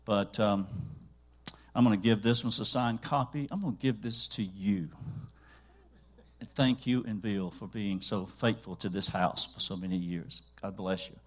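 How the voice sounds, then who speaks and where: A man's voice: fairly low pitch, normal speed. A man with a Southern US accent, a pastor leading announcements and prayer in a church service, folksy and joking. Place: church sanctuary.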